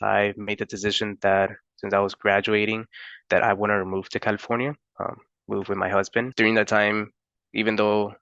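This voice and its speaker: A young man from Florida telling a personal story in a halting, unhurried way with many pauses and fillers. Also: on the low side, gravelly, pushed and bright, dry recording, muffled recording.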